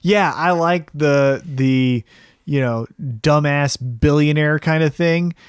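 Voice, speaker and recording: A man's voice: a little high, slow, smooth, dry recording. A man co-hosting a wrestling podcast, laid-back and profane as he breaks down storylines. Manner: laid-back, swears, thinks out loud. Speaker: podcast co-host. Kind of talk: casual wrestling analysis chat.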